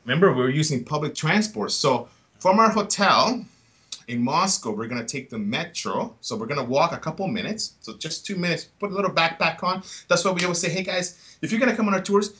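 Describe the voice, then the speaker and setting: A man's voice: fairly high pitch, expressive, brisk, bright, forceful tone. A man talking about his tours in a casual podcast chat, enthusiastic and chatty, often checking in with "right?". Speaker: tour company guest.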